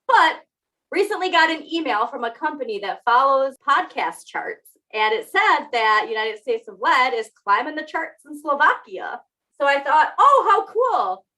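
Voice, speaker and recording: A young woman co-hosts a podcast in loose, casual conversation, laughing often and poking fun at herself. Her voice is bright and pitched a little high. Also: lively intonation, moderate pace, low-quality recording. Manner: chatty, laughs often, self-teasing. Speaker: podcast co-host. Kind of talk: casual chat.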